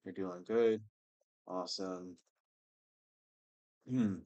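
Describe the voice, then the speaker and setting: A man hosting a casual livestream, chatting with viewers and reading their comments aloud in a relaxed, rambling way. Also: low voice, drawn-out words, muffled recording. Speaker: livestream host reading scripture.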